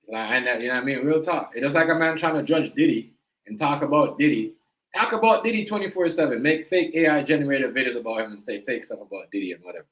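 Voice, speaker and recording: A young man, live-streaming a heated, repetitive rant that swings from loud outbursts to low mutters. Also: expressive, fast talker, rough recording. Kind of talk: ranting live-stream commentary.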